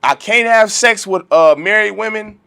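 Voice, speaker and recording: A man putting on a high, indignant voice of an ordinary man caught off guard while preaching. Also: normal speed, creaky, bright, forceful tone, smooth, heavily acted. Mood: incredulous. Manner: incredulous, squeaky.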